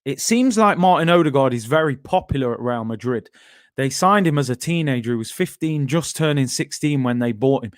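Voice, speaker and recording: He's from England and hosts a relaxed football chat stream, rambling with fillers and asides while going through comments from viewers. His mid-range voice has lively intonation and moves fairly quickly, captured in clean studio sound with no room echo.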